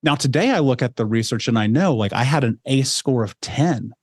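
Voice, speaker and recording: A man's voice: mid-range voice, lively intonation, brisk, husky, dry recording, studio quality. A man in his thirties, a podcast guest candidly telling his personal life story with conversational asides.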